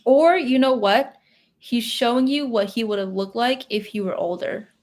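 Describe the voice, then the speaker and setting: A woman's voice: fairly high pitch, normal speed, a little mellow. A young adult woman giving a live psychic reading in a chatty, emotional way, full of fillers and little laughs. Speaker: tarot and psychic reader. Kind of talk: live reading, casual chat.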